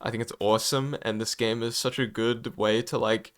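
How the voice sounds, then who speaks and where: A man's voice: medium pitch, fairly even intonation, normal speed. A young man giving an unscripted opinion vlog about a game, hesitant and apologetic, stammering often and using many fillers. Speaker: gaming YouTuber.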